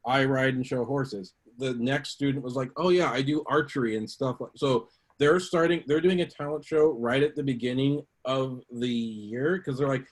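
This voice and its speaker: A man's voice: mid-range voice, normal speed, hardly any pauses. A man on a community panel, casually recounting an anecdote and acting out quotes in a lifted voice. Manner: chatty, acts out quotes with a lifted voice. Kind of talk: casual storytelling.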